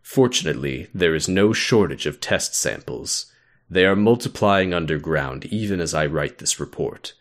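Brief: man doing a solemn scholar-king from a game, deep and measured, reading notes on dark creatures. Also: expressive. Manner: slow, solemn, deliberate reading. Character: grave male scholar-king writing research reports.

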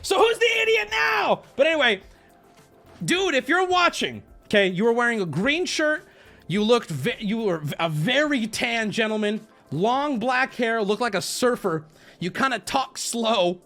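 A man hosting a livestream, telling a story to chat in a casual, animated way, swearing and breaking into yelling. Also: very high-pitched, measured pace, soft background music. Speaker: livestream host.

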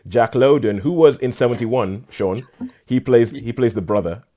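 Enthusiastic man, low mellow voice. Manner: enthusiastic, halting with many restarts. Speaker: film reviewer co-host. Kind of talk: casual film review chat.

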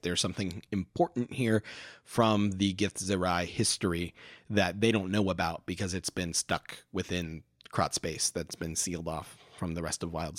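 A man narrating a tabletop game as game master, relaxed, with many fillers and frequent laughter. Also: deep voice, no echo, studio quality.

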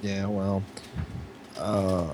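A man co-hosting a podcast, telling a profane, animated story with lots of restarts. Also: low-pitched, very slow, slight background noise. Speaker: podcast co-host. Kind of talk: casual storytelling chat.

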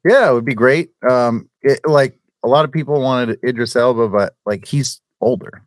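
A man's voice: medium pitch, normal speed, dry recording. Man, casual chat, jokey, restarts sentences, dry sound.

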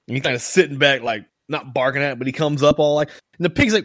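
Casting: fast-paced male podcast host, rambling and foul-mouthed, dry close-mic sound. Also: medium pitch, a bit bright, no echo. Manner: rambling, swears a lot, lots of fillers. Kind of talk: casual storytelling chat.

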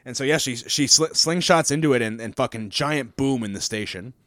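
A man's voice: mid-range voice, a little fast, sharp tone, dry recording, studio quality. A man chatting casually about a comic, swearing freely and acting out the characters' lines. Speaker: podcast co-host discussing a comic. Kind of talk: casual chat.

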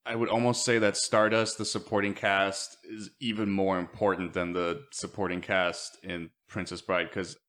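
Low-voiced man, opinionated podcast chatter. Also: little pitch movement, moderate pace, few pauses, a bit bright. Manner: opinionated, rambling with filler words. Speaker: podcast co-host. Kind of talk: casual movie-discussion chat.

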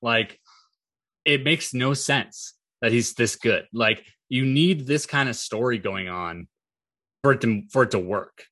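A man talking casually on a wrestling podcast, stumbling through restarts and fillers. His voice is bright and forceful. The room sounds dry and close. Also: medium pitch, no room sound. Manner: halting, filler-heavy, profane. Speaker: podcast co-host.

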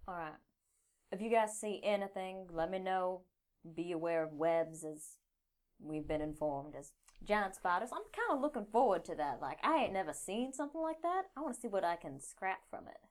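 Low-voiced woman playing a tabletop game. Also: lively intonation, moderate pace. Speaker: player. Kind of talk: in-character tabletop play.

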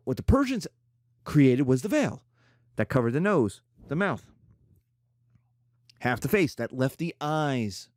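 A middle-aged man teaching a classroom lecture in an emphatic, animated way, slipping into playful mock voices. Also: medium pitch, no echo, studio quality. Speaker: history teacher.

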